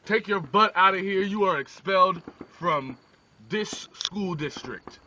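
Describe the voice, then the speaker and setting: A man voicing a strict, middle-aged school principal who blusters and shouts in outrage, on a distant lo-fi phone video. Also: high voice, a little slow, slight background noise, pitched above the performer's own voice, exaggerated voice. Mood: outraged.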